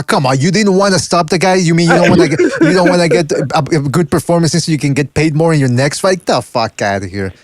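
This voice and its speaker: A man's voice: on the high side, expressive, quick pace, few pauses, no room sound, clean studio sound. A man hosting a casual boxing call-in show, joking around and laughing often while he takes callers. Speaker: podcast host taking calls.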